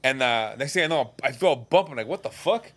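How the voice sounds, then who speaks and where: A man's voice: medium pitch, lively intonation, quick pace, a bit bright. A man on a casual podcast chat, telling a story animatedly with plenty of swearing. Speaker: podcast co-host.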